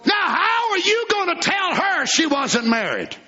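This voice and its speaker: A man preaching a fervent sermon, swinging between shouts and low asides. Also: big pitch swings, a little slow, muffled recording, noisy background.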